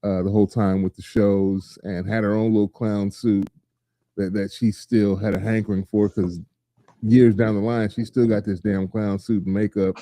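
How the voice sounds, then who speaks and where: A man hosting a casual chat show, talking in an animated way and acting out scenes in quick voices. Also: lowish voice, no room sound. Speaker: podcast host.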